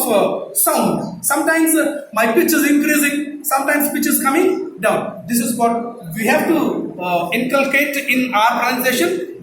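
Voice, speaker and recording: A man with a strikingly high voice and a Telugu English accent lectures a class, repeating and drilling sounds with emphasis. He is recorded from a distance in a very echoey room, with faint noise underneath. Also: a bit bright. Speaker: English teacher trainer.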